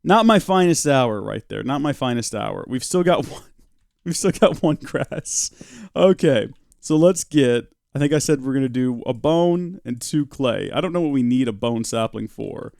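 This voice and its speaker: Guy streaming a game, chatty and joking at himself, talks to chat, mid pitch, close dry mic. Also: lively intonation, normal speed, gravelly, darkish tone, no echo. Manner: chatty, self-mocking, answers chat as he plays. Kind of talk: casual live-stream commentary while playing.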